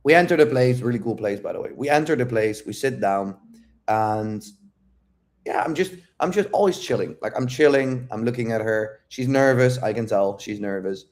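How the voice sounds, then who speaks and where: Speaking in a mid-range voice, a man tells his audience a story with the relaxed tone of a dating coach. He's blunt and casual, swears freely, and never hurries.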